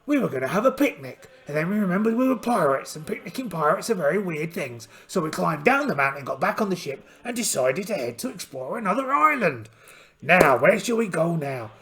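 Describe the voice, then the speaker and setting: A gravelly, high-pitched pirate captain with one eye, blustering and cheerful, as a man puts him on. He narrates a solo tabletop voyage with theatrical exclamations, and his pitch swoops widely from phrase to phrase. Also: big pitch swings, fairly quick, a bit bright, full character voice. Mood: storytelling.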